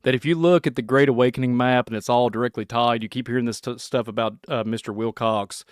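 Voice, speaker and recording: A man from Kentucky with a Southern accent, hosting a rambling solo podcast, excitable and laughing often as he jumps between topics. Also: medium pitch, fast, clear, resonant tone, dry recording, studio quality. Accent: Kentucky Southern American. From Kentucky, USA. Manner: excitable, laughing, puts on silly voices. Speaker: podcast host.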